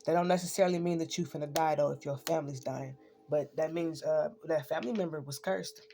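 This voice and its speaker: Low, gravelly, and mellow, her voice keeps a fairly even intonation and moves a little fast over soft background music. The woman, an online spiritual speaker, rants casually and profanely, asking "right?" over and over.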